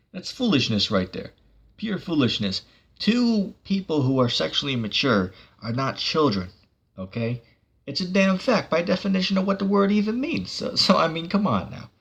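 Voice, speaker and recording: A man's voice: medium pitch, slightly rough. A man giving a casual online sermon, rambling with many fillers and breaking into sarcastic bursts. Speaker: preacher.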